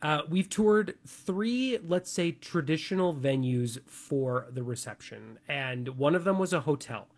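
A man's voice: a little high, expressive, unhurried, hardly any pauses. A young man co-hosting a talk show, chatting casually and animatedly, with plenty of filler words. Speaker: radio show co-host.

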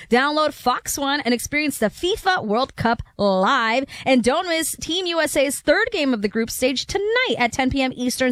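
High-voiced woman co-hosting sports radio. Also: no room sound, clean studio sound. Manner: lively, quick interjections. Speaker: radio sports show co-host.

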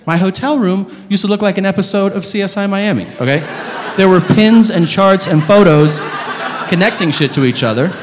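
A man's voice: high voice, normal speed. Exasperated male stand-up comic. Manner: exasperated, profane, emphatic. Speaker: stand-up comedian. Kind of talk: stand-up storytelling. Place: comedy stage. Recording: reverberant hall with audience noise.

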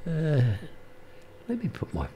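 A man's voice: a little high, wildly swooping pitch, slow, dark tone, slight background noise. An older man, a radio presenter chatting casually and rambling with many fillers and restarts.

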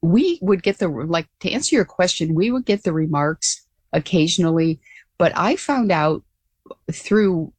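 An older woman being interviewed as a guest, telling her story in an earnest, animated way with frequent restarts. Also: lowish voice, measured pace, husky, no room sound. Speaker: guest, former pilot.

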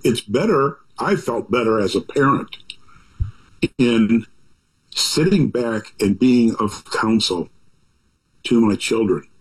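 A man's voice: fairly low pitch, rough recording. Older man rambling in folksy asides. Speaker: author talking about his book. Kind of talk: reflective conversational monologue.

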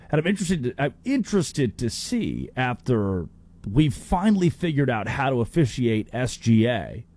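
Animated male sports talk host. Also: mid-range voice. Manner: animated, opinionated, with quick restarts and playful impressions.

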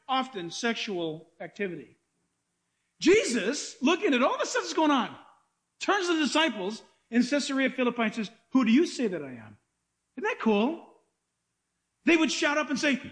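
A pastor preaching an animated sermon, acting out quotes and asking the congregation questions. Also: male voice, very high voice.

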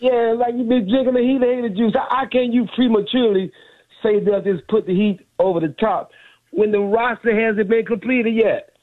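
A man's voice: sits high, steady tone. Argumentative male caller on tinny phone. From Miami area. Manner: argumentative, fast. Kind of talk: sports radio call-in.

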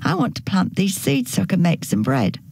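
A woman's voice: mid-range voice, huge pitch swings, moderate pace, vocal fry, darkish tone, breathy edge, dry recording, full character voice. A woman voicing a hardworking little hen who keeps politely asking for help in a storybook reading. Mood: pleading. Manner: pleading, polite, then firm.

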